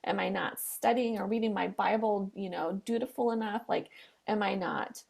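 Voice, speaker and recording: Gravelly, husky-voiced woman reflecting. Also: mid-range voice, fairly even intonation, moderate pace, a little mellow. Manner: reflective, searching, talks through her feelings. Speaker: podcast co-host. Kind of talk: casual podcast chat.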